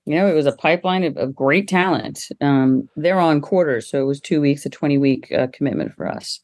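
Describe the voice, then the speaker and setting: A middle-aged woman, a guest on an interview podcast, telling lively stories and laughing often as she talks. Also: a little fast. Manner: lively, acts out quoted people with jumps in pitch. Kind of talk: casual interview storytelling.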